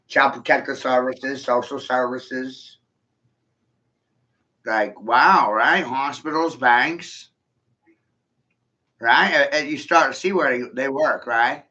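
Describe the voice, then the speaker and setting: A man's voice: mid-range voice, bright, forceful tone, lo-fi sound. A man delivering a rambling, profane monologue in a provocative manner, laughing often between points. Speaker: vlogger.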